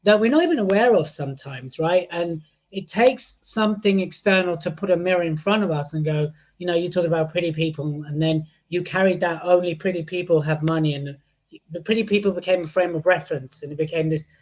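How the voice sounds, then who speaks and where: A man's voice: fairly high pitch, brisk, a little mellow, highs cut off. A man hosting a podcast conversation, bantering and joking playfully with his guest and co-host.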